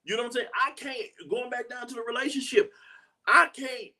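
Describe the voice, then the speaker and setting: With a very high-pitched, bright, forceful voice and a slightly quick delivery, a man hosts a live talk show. He's earnest, restates lines for emphasis, plays out the voices he quotes, and often asks "you know what I'm saying."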